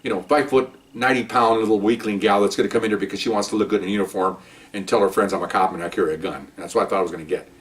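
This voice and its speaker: Fast-talking older man telling cop stories. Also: lowish voice, fairly even intonation, far from the mic. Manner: chatty, joking, with frequent "okay?" asides. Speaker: retired police officer storyteller. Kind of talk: casual first-person storytelling.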